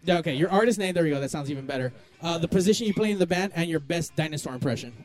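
A man's voice: fairly high pitch, expressive, very fast, soft background music. A man interviewing band members in a casual, joking way, teasing them and swearing freely.

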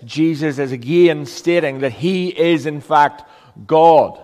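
A man's voice: fairly high pitch, slow pace, darkish tone, big-room sound. A man preaching a sermon as a pastor, earnest and emphatic, with rhetorical questions.

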